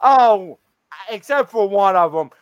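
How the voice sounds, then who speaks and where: A man hosting a casual live stream, excitable and laughing often as he reads out odd news. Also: high voice, a little slow, clean tone, dry recording, highs cut off. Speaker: streamer host.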